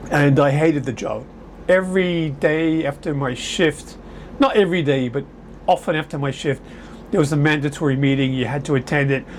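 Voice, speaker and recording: Brief: rambling man telling stories to camera, slightly raised pitch, faint air conditioner hum behind. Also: moderate pace. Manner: rambling, chatty, self-correcting. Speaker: vlogger. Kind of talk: casual storytelling to camera. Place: home in summer, indoors. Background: air conditioner humming.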